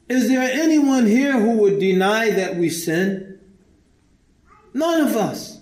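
A man's voice: very high voice, darkish tone. A man preaching a sermon, emphatic, posing rhetorical questions to his congregation and reciting scripture in Arabic before translating it. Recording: echoey room.

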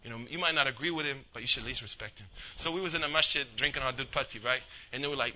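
A man's voice: mid-range voice, expressive, fast talker, bright, forceful tone, a little hiss or hum. A male imam giving a casual, storytelling religious talk. He acts out the people in his story and mixes street slang with Arabic religious phrases. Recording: dull lo-fi recording.

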